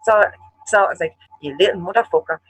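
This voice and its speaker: Bright-voiced Irish man ranting a story. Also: high-pitched, fast, breathy edge, poor audio. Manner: profane, animated storyteller acting out quarrels. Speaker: show co-host. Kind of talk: casual storytelling chat.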